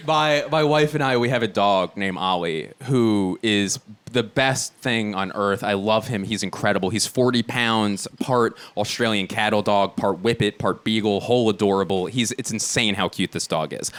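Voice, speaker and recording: A man in his thirties from Philadelphia doing a stand-up comedy set on stage, animated and often leaping into shrieking high voices for his bits. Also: normal speed, few pauses. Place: theater stage before a live audience. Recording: live show with loud audience noise.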